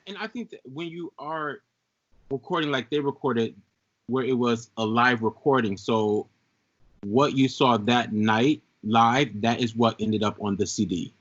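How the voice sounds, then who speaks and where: A man co-hosting a casual podcast chat, explaining things in an earnest, steady way. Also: medium pitch, measured pace. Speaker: podcast co-host. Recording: dull lo-fi sound.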